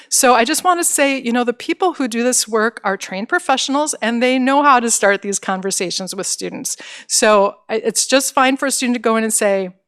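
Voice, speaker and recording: A woman's voice: fairly high pitch, brisk, few pauses, fairly bright tone, clean tone. A middle-aged woman presenting career services to parents in an encouraging, conversational way, with fillers and restarts.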